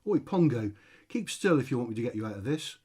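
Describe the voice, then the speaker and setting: A man's voice: mid-range voice, big pitch swings, quick pace, mellow, slightly rough. A man voicing a hapless, cheerful circus magician who chats breezily and shrugs off his disasters, in a storybook reading. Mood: breezy. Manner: breezy, unbothered, chatty.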